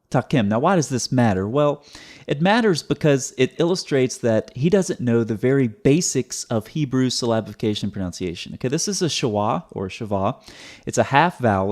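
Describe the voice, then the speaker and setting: A man's voice: medium pitch, darkish tone. A man hosting a video commentary, explaining step by step in a methodical, sarcastic way, often repeating words.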